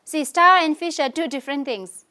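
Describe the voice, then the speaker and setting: A woman teaching English with a Tibetan accent, walking through example words slowly and often checking in with "okay?" and "right?". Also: high-pitched, bright, forceful tone. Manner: slows down to spell out example words. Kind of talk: online classroom lesson.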